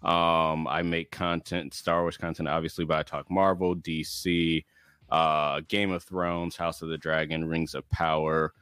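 A man with a deep voice and vocal fry, chatting as a podcast guest. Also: little pitch movement, a little slow, a bit bright, dry recording. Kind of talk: casual chat.

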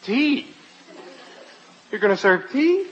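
Wisecracking reporter, lively swooping voice, brash, muffled old radio. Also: male voice, fairly high pitch, moderate pace. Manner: brash, joking, impatient. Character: wisecracking young American male reporter. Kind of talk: 1940s radio comedy acting.

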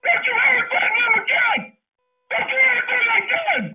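A furious man roars threats and curses into a voicemail, his voice pitched very high with rage. It all comes through a thin, tinny phone line. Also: brisk, slight background noise. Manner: swearing, shouting threats. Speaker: caller leaving a voicemail.

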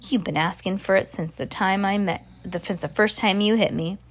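A woman's voice: mid-range voice, steady tone, normal speed, natural voice. A woman reading the part of a fed-up farm wife holding a pistol, speaking firmly and threateningly. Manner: firm, threatening.

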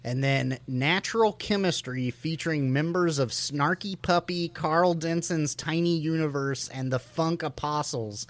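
A man's voice: on the high side, unhurried, few pauses, no room sound. A man co-hosting a casual comedy chat, laughing often and reading event listings aloud in a playful way. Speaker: podcast co-host.

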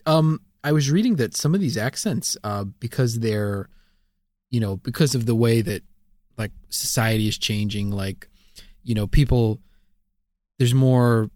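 A man co-hosting a podcast who talks in a relaxed, explaining way and leans on fillers as he thinks. His voice sits in a middle range. The sound is dry and close. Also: medium pitch, measured pace, dry recording. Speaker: podcast co-host. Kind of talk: casual chat.

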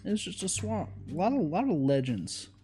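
A man's voice: sits high, big pitch swings, normal speed, over music. A man co-hosting a podcast in casual chat, rambling and joking with lots of fillers. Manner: rambling, jokey, many fillers. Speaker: podcast co-host.

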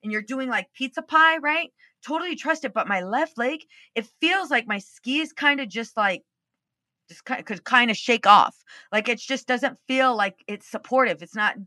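Bright, candid woman podcast host. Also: on the high side, no echo, clean studio sound. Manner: candid and expressive, swears freely. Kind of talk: casual storytelling monologue.

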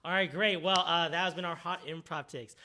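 A man's voice: on the high side, steady tone, a little fast, sharp tone, a little hiss or hum. A young man hosting a podcast, chatting casually and making self-mocking jokes. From Southern California. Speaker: podcast host. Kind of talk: casual chat.

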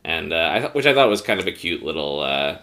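A man's voice: deep voice, very animated, fast talker, background noise. A man co-hosting a podcast, casually recapping an episode with a rambling manner and many fillers. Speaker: podcast co-host.

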